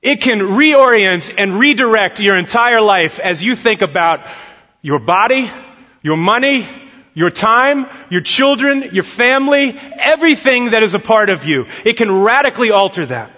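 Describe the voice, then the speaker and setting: A man's voice: sits high, expressive, normal speed, pushed and bright. A male pastor preaching a Sunday sermon in a church, telling a story and acting out its dialogue. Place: church sanctuary. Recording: dull lo-fi sound with long hall reverb.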